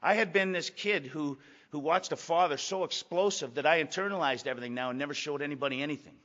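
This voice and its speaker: An older man giving a blunt, emphatic personal testimony to a recovery meeting, gruff and profane, repeating phrases for weight. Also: on the high side, bright, forceful tone. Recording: echoey hall, dull lo-fi sound.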